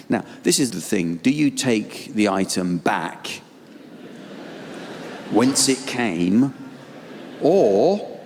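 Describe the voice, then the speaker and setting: A man with an English accent doing a live stand-up routine in a dry, weary, deadpan manner on a theatre stage. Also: medium pitch, takes it slowly, creaky, a little hiss or hum. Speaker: stand-up comedian. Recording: live theatre with long hall reverb. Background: audience laughter and ambience.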